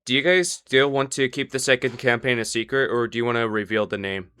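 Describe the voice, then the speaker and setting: Bright-voiced young man running a tabletop game. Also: mid-range voice, steady tone, a little fast, smooth. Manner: casual, explains game rules plainly. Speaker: dungeon master.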